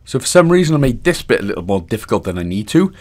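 A man's voice: medium pitch, big pitch swings, fast talker. A Welsh man narrating a casual game walkthrough voice-over, giving steps with jokey, self-mocking asides. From Wales.

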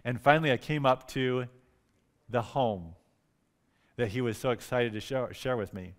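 Man, pastor, revival sermon, animated storytelling, repeats words for emphasis, church. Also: mid-range voice. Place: church sanctuary.

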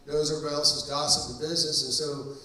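A man's voice: a little high, level tone, fast, bright, forceful tone. A male pastor preaching a deliverance-service sermon in an emphatic storytelling manner with frequent fillers. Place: church hall. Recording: echoey church hall, mic distant.

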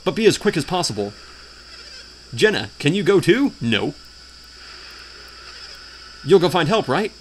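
A man's voice: mid-range voice, a bit bright, slight background noise. A man giving crude, mocking commentary while playing a video game, humming the theme and trying out funny voices. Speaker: let's player. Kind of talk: casual gameplay commentary.

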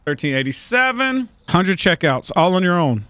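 A man's voice: high-pitched, sing-song, a little fast, hardly any pauses, pushed and bright, dry recording. A man giving casual, profane let's-play commentary, joking and bantering with the shoppers in a store game. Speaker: gaming channel host.

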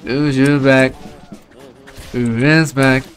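A young man live-streaming a game, excitedly shouting hurried callouts to his teammates. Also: medium pitch, faint music behind. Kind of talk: live gameplay commentary.

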